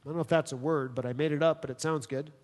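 A middle-aged man preaching a sermon, animated and full of rhetorical questions, often mimicking other people's voices. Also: fairly high pitch, rapid-fire. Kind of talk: sermon on parenting. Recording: long hall reverb.

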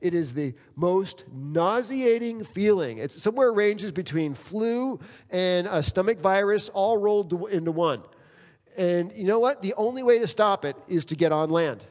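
A middle-aged man from New Jersey preaching a sermon in a church, joking with the congregation and acting out prayers. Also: sits high. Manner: animated preacher, acts out quoted prayers, jokes with congregation. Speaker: pastor. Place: church sanctuary. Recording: long reverb in a large hall.

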